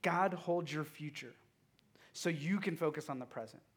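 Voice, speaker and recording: Male youth pastor, a bit high-pitched, direct and engaging, and he drops to a hush at times. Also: moderate pace. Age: young adult or middle-aged father of a toddler. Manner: engaging, asks the audience direct questions; swings between loud emphasis and hushed, quiet moments. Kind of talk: sermon.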